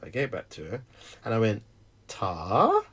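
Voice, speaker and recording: A man's voice: fairly low pitch, expressive, quick pace, slightly rough. A middle-aged man, talking candidly about being a dad, who tells stories animatedly and acts out the dialogue. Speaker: stay-at-home dad. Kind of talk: candid conversation.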